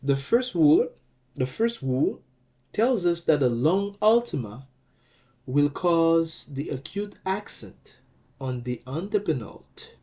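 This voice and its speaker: A man teaching a language lesson, explaining rules slowly and deliberately, often repeating phrases and checking in with the listener. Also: medium pitch, mellow.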